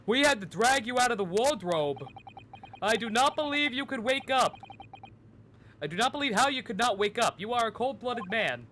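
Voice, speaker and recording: A man voicing a gruff male sailor with a put-on Russian accent, blunt, menacing and in broken phrasing. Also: very high-pitched, animated, moderate pace, bright, forceful tone, a little hiss or hum, full character voice. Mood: accusing.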